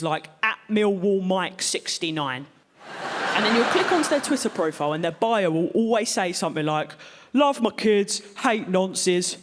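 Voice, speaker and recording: A woman's voice: medium pitch, long reverb tail, heavy background noise. Wry, blunt woman doing stand-up. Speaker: stand-up comedian. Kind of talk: stand-up comedy. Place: large theatre stage. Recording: live theatre with loud audience.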